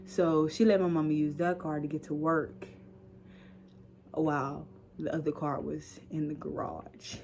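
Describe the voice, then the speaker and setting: A young woman vlogger telling a story casually, animated and acting out the dialogue. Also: low-pitched, unhurried, a little hiss or hum.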